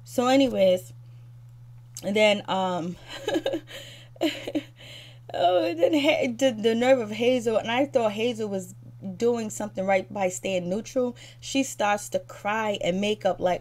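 A woman's voice: medium pitch, slow, a little mellow. Woman ranting in a fired-up recap. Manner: fired-up, critical, talks straight to the cast; repeats fillers like "so anyways" and "you know". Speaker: reality TV recap vlogger.

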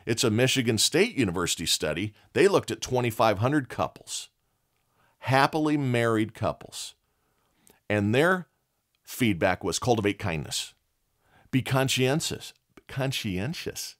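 A middle-aged man hosting a motivational talk show, blunt and folksy, telling stories. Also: measured pace. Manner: blunt, folksy storytelling with lively swings in pitch. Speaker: podcast host.

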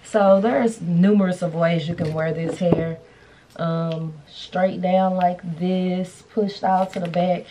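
A woman's voice: fairly low pitch, fairly even intonation, takes it slowly, dark tone, a little hiss or hum. A woman vlogger chatting casually and playfully to her viewers while styling a wig. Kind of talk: casual beauty vlog chat. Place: indoors, hotel room.

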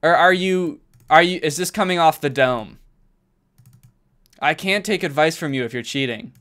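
A man streaming from a carpeted room at home, chatting casually with his viewers while he plays, and bursting into loud exclamations when he gets excited. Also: on the high side, normal speed, clean tone. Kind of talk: casual live-stream chat while gaming.

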